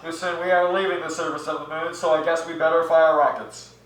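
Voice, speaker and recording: A teenage boy plays an astronaut commander making flat, clipped radio calls in a slightly high voice. It is heard from a distance in a very echoey room with faint noise. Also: brisk, close to an everyday voice. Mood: deadpan. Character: deadpan astronaut commander radioing mission control. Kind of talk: high school duo interpretation.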